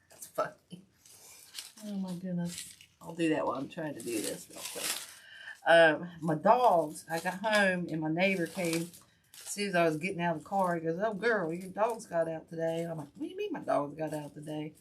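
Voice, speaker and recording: A woman's voice: sits low, a little hiss or hum. A woman hosting a casual crafting tutorial, chatting and rambling as she works with her hands. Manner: chatty, rambling, talks while working. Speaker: wreath-making host.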